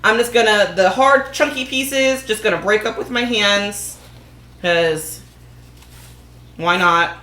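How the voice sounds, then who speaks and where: Bright-voiced chatty woman in echoey room. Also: medium pitch, slow, pauses often. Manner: chatty, joking, talks to viewers as y'all. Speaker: DIY vlogger. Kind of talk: casual chat while making soap.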